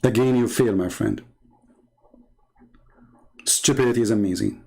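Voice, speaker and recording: A man with an Arabic accent hosts a live stream and reads out viewer comments. He talks in a mocking, combative way, repeats himself and jumps into high, scornful outbursts. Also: huge pitch swings, a little slow, gravelly, dark tone, poor audio. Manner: mocking, taunting, with sudden high-pitched outbursts. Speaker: livestream host reading viewer comments.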